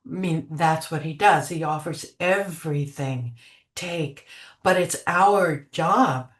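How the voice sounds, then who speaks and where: An older woman telling spiritual memories as an interview guest, gentle and unhurried, trailing off with many fillers. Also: low voice. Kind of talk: reflective spiritual storytelling. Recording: echoey room.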